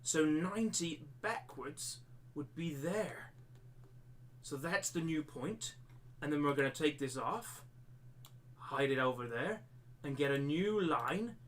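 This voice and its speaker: A man's voice: on the high side, expressive, takes it slowly, long pauses, a bit bright, a little hiss or hum. Man teaching maths in a jokey pirate-ish accent. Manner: explains step by step, repeating himself. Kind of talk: live-streamed maths lesson.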